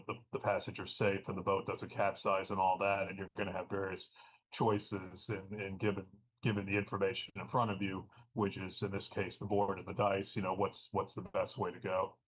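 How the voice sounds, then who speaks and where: Halting, low-voiced commentator. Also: male voice, monotone, husky. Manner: halting, filler-heavy, analytical. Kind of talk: live game commentary. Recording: dull lo-fi stream audio.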